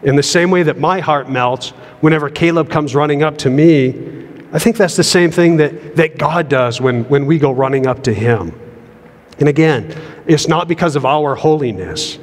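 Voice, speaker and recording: A middle-aged man preaching a sermon in an earnest manner, often repeating words as he builds a point, heard in a church sanctuary. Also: medium pitch. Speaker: pastor. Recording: long hall reverb.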